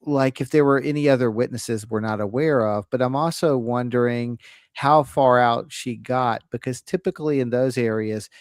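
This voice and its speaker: A man's voice: mid-range voice, moderate pace, no echo, clean studio sound. A man hosting a casual discussion, thinking aloud with frequent restarts and acting out scenarios. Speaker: host.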